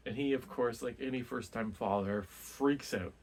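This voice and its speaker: A man's voice: medium pitch, normal speed, a little mellow. A man casually talking through a book he read, rambling with many restarts and fillers. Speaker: book reviewer.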